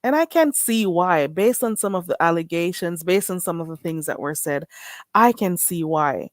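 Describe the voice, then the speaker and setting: A woman hosting a live stream in casual chat, chatty, with drawn-out exclamations. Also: on the low side, animated, no room sound. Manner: chatty, drawn-out "ooh"s and frequent laughter.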